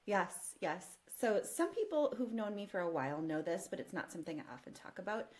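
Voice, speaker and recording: A woman guest telling an animated personal story in casual conversation, often breaking into laughter. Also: on the low side, fairly quick. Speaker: podcast guest.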